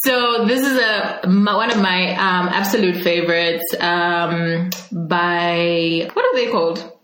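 A woman's voice: on the low side, slow pace, a bit bright, echoey room, slight background noise. A woman hosting a podcast, chatting casually, laughing often and sometimes breaking into song. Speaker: podcast host. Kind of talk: casual podcast intro and Instagram Live chat.

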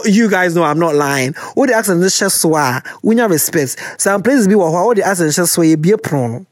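A Ghanaian man hosts a chatty podcast, reading listener letters aloud. His delivery is lively, and his pitch rises and falls a lot as he slips between English and Twi. The sound is dry and close, with no room echo. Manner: animated, switches into Twi, laughs often. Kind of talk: casual chat.

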